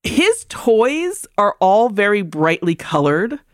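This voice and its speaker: A woman co-hosting a podcast, telling a lively story in casual chat and acting out her cat's thoughts in little voices. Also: medium pitch, slow pace, dry recording, clean studio sound. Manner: animated storyteller, acts out her cat. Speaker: podcast co-host. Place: converted barn in the country.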